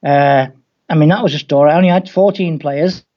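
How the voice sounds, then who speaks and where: A man's voice: on the high side, a little fast. A man from England with a Scouse accent, a football coach telling wry stories in an interview. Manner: anecdotal, wry, acts out quoted voices. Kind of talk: storytelling interview. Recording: dull lo-fi audio.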